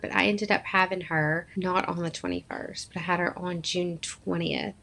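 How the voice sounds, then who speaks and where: A woman in her thirties, from Arkansas, tells a deeply personal story as a podcast guest. Her voice sits fairly low and has a gravelly, creaky texture. She talks earnestly and acts out the words of the people in her story. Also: fairly even intonation, moderate pace, a bit bright, slight background noise. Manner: earnest, emotional storytelling with acted-out quotes.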